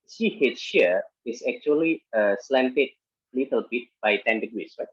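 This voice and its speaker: A man with a mid-range, slightly rough voice lectures on engineering statics, working through a problem step by step. His speech is animated but halting, full of fillers and restarts. The dry recording sounds muffled and lo-fi.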